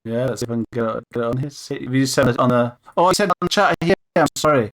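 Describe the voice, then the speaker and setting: A man's voice: medium pitch, very fast. Chatty male podcast host. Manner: chatty, thinks aloud while using software. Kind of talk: casual interview chat.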